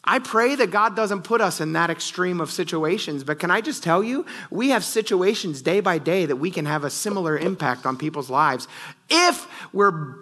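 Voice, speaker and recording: Bright-voiced man preaching a sermon. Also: fairly high pitch. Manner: earnest storytelling, often says "you guys". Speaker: pastor.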